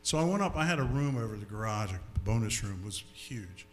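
A man giving a storytelling testimony before an audience, animated and often repeating his words. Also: on the low side, brisk, soft background music. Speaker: speaker giving a personal testimony.

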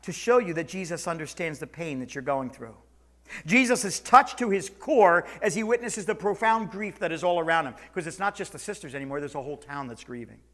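A man preaching a sermon to his church, swinging between loud calls and quiet, slow lines. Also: a little high, expressive. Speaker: pastor. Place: church sanctuary, also streamed online.

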